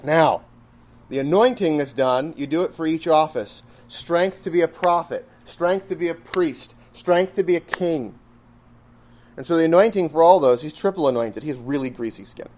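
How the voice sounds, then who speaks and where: A man leads a Bible study with a voice that sits a little on the high side for a man. He talks in a conversational, emphatic way, asking the class rhetorical questions and dropping quick asides. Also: darkish tone, slight background noise.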